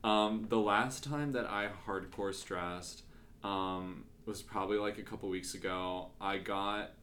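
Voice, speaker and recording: Chatty young man, lowish voice. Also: steady tone, unhurried, a bit bright, slight background noise. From Kentucky, United States. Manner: chatty, many "like" fillers. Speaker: podcast host. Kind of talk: casual podcast chat.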